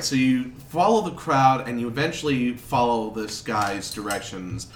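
A man running a tabletop game as game master, narrating in a relaxed, descriptive way, recorded from a distance in an echoey room. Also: on the low side. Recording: roomy, distant mic with faint noise.

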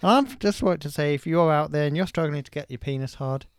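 A man co-hosting a podcast who rambles through crude jokes in a deadpan way. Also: a little high, quick pace, clear, resonant tone, dry recording, clean studio sound. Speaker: podcast co-host. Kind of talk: casual chat.

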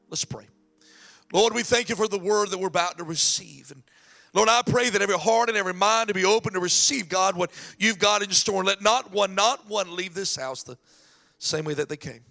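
High gravelly guy preaching, bright edgy voice, does the bible characters' voices, soft music under it. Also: fairly quick. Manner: animated preaching, acts out voices of scripture figures. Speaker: pastor. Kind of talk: sermon.

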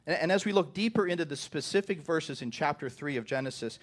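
A man's voice: a little high, animated, quick pace, few pauses. A man preaching a sermon to his congregation. He often repeats the first words of a phrase and keeps asking "right?". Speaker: pastor.

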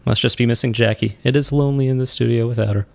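Speaking fast in a mid-range, gravelly voice with a steady tone, a podcast host chats casually and makes fun of himself. He frequently trails off and starts over, covering both chat and a solo wrap-up.

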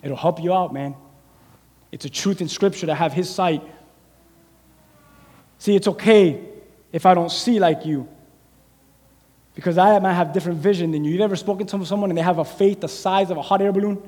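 High-voiced preacher in a reverberant hall. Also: male voice, normal speed, pauses often. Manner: animated preacher acting out scripture scenes. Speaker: pastor. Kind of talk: sermon. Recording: long reverb of a large hall.

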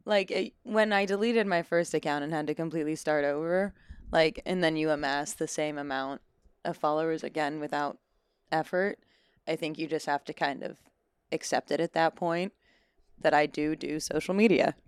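Smooth-voiced woman in her twenties. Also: sits low, moderate pace, no room sound, clean studio sound. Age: 20s. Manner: chatty and self-deprecating, lots of "like". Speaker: actor guest. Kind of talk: casual interview chat. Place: Los Angeles.

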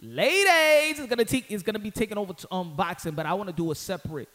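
A man with a high-pitched voice riffs on boxing in casual solo commentary. He talks in slang, repeats lines for emphasis and heats up into loud outbursts. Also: lively intonation, fast talker, slight background noise.

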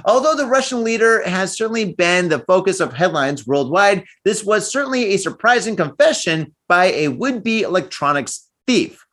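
Guy co-hosting a chatty podcast, reads the news then cracks jokes, voice bounces up and down, kinda high. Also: animated, moderate pace, hardly any pauses, a bit bright. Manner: jokey, laughs often, puts on silly voices. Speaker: podcast co-host. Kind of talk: casual chat, reading news aloud.

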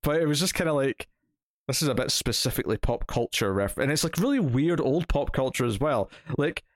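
A man's voice: medium pitch, lively intonation, brisk, no echo, studio quality. A man in his thirties chatting casually about a comic issue, rambling with many restarts and fillers. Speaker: comic book podcast host. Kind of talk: casual chat reviewing a comic.

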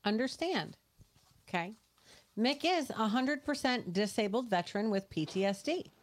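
A woman's voice: on the high side, expressive, normal speed. A woman co-hosting a podcast, earnestly explaining a situation in casual, talkative speech. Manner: earnest, explanatory, talks it through with restarts. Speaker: podcast co-host.

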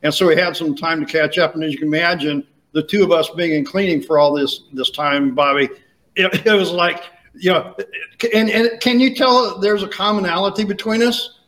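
A man's voice: high-pitched, steady tone, moderate pace, a bit bright, rough recording. A man co-hosting a podcast, speaking directly to his listeners in a friendly, casual way. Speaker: podcast co-host.

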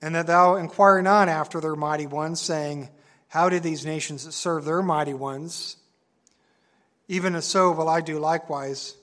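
Earnest man preaching, slightly high voice. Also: steady tone, fairly bright tone. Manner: earnest, emphatic, stresses key words and slows on them; reads scripture aloud in old-fashioned wording. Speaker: Bible teacher. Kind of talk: sermon-style Bible teaching.

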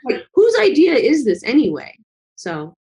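A woman's voice: high-pitched, huge pitch swings, moderate pace, warm tone. A woman talking as a guest in a casual conversation, earnest and reflective, with lots of fillers. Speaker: guest, travel vlogger.

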